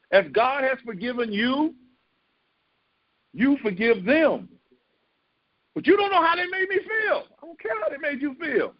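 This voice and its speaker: A man's voice: extremely high pitch, no room sound, dull audio. A man preaching a sermon as pastor, talking in an emphatic, conversational way that repeats phrases for stress.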